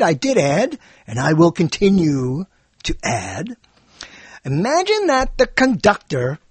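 A man giving a rambling spoken monologue, animated and digressive, often correcting himself mid-sentence. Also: sits high, husky, no echo. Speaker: monologue speaker.

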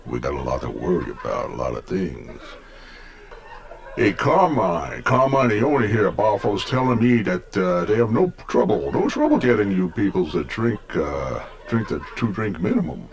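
A man does an exaggerated, low-voiced turn as a brash Brooklyn lounge comic in a club set. The stand-up's gravelly delivery is built on insult jokes aimed at the crowd.

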